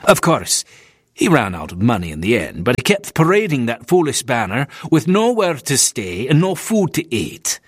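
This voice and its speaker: A man's voice: mid-range voice, wildly swooping pitch, normal speed, husky, dry recording, clean studio sound. A man voicing a nervous, disapproving Scottish minister who complains in a stiff, scornful way.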